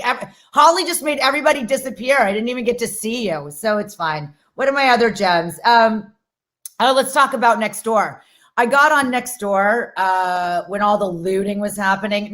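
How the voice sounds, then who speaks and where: A woman in her forties tells a stand-up set on a video call. She rambles and mocks herself with lively energy. Her voice sits fairly high. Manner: rambling, self-mocking, animated. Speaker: comedian.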